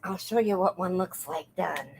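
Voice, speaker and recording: A woman's voice: on the low side, normal speed, gravelly, a little hiss or hum. A woman hosting a crochet livestream, chatting casually and greeting viewers by name in a sing-song lift. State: out of breath.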